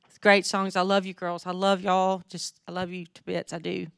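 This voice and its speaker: Slow-spoken woman with a Mississippi drawl. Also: on the low side, flat delivery, vocal fry, clear, resonant tone. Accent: Southern US, Mississippi. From North Mississippi, USA. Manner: slow, deliberate talk with frequent ums. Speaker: guest speaker. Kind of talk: casual sermon.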